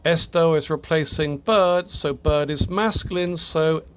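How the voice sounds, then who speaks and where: A man teaching Spanish grammar to English speakers, explaining step by step, halting and correcting himself as he goes. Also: fairly high pitch, fairly bright tone, clean tone, soft background music. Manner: slow, halting, with restarts and self-corrections.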